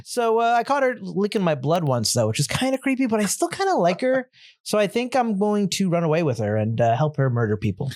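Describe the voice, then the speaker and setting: A man playing a lonely bullied schoolboy with dark fantasies, rambling in a deadpan way. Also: high-pitched, brisk, no echo, clean studio sound, voice pushed up. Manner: deadpan, rambling childlike confession.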